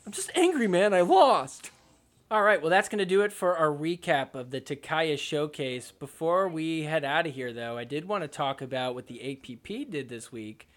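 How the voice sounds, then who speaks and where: A young man with a fairly high voice hosts a casual sports podcast. He talks through the match in an offhand, joking way. Every so often he drops into mock quotes that poke fun at the players. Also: normal speed, hardly any pauses, fairly bright tone. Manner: sarcastic, jokey, voices players' imagined thoughts. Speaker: podcast host. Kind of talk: casual sports recap commentary.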